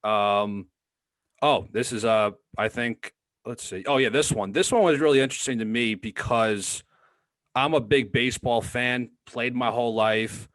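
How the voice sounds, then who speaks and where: Man, podcast host, relaxed questions, dry close sound. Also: medium pitch, measured pace, no room sound. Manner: relaxed, prompting with short questions. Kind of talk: casual interview chat.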